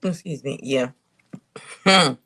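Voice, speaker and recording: A woman giving a casual spiritual reading to her viewers, thinking aloud with drawn-out hums and pauses and talking to them in a colloquial, direct way. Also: very deep voice, heavy background noise. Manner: colloquial, addresses viewers as y'all. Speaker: intuitive reader.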